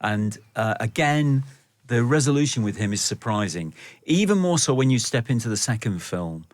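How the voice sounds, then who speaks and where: A middle-aged film director, guesting on a radio interview, talks at length in a reflective, storytelling manner. His mid-range voice is expressive, at a normal speed, with no echo.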